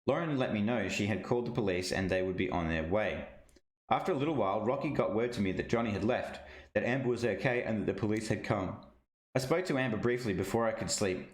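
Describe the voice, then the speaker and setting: Low-voiced man reading in an echoey room. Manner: steady, measured first-person reading. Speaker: reader of a witness statement. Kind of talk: reading a statement aloud.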